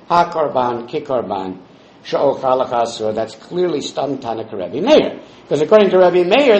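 Man, Talmud teacher, step-by-step explaining, lively pitch, echoey room. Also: a little hiss or hum. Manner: explains step by step, quoting Hebrew and Aramaic phrases. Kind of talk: Talmud study class.

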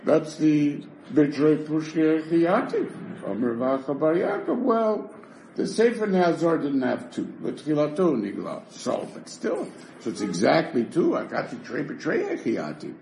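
A man teaching a Talmud class, rapidly reading Hebrew and Aramaic text and explaining it in English. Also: on the high side, very animated, gravelly, darkish tone. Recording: echoey room with faint noise.

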